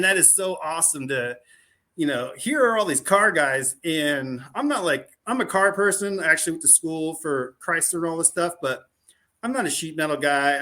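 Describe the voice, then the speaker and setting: A man talking as a podcast guest, telling a casual story with lots of fillers and restarts. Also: fairly high pitch. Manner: animated, rambling, full of "like" and restarts.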